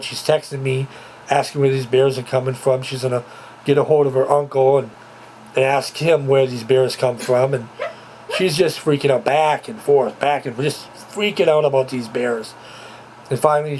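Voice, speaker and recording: A man's voice: mid-range voice, fairly even intonation, normal speed, a little mellow, rough recording. Guy rambling at home into his camera, ums everywhere, bit of faint noise behind. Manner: rambling, repeats himself, many fillers. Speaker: vlogger. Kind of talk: casual home video chat. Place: at home, indoors. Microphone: handheld camera, moving about.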